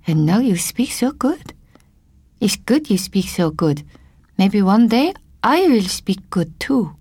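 A woman voicing a shy, eager newcomer wife who speaks in halting, broken English. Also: medium pitch, sing-song, a little mellow, breathy edge, no echo, heavily acted. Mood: shy, hopeful.

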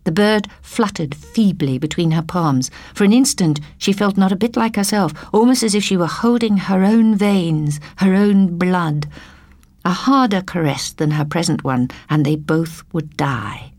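A woman reading a story aloud in a soft, hushed storytelling manner, often slipping into a whisper. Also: fairly low pitch, measured pace, no echo. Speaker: narrator.

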